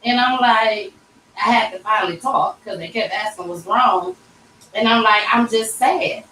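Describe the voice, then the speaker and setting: A woman's voice: medium pitch, normal speed, bright, forceful tone. Woman host in her 30s, candid storyteller, off-mic in a roomy shop with faint background hum. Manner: candid and conversational, addressing viewers as y'all. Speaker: livestream host telling a personal story. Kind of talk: casual emotional storytelling. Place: tattoo shop. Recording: echoey room, mic at a distance.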